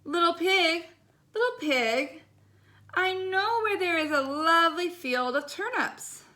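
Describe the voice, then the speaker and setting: A sly, hungry big bad wolf from a storybook, put on by a woman reading aloud. He growls his threats and coaxes in a bright, high voice. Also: expressive, slow pace, exaggerated voice. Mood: sweet coaxing. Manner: growling threats, sugary coaxing.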